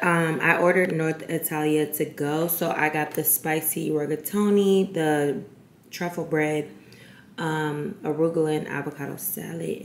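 A young woman with a raspy voice, chatting excitedly in a casual vlog. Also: deep voice, slight background noise, poor audio. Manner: chatty, excited, lots of fillers. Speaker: vlogger.

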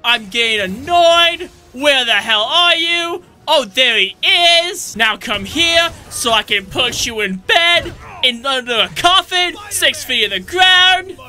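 A man giving gameplay commentary, excitable and shouting jokes at the enemies. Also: very high-pitched, slow. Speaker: let's play gamer. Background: game music.

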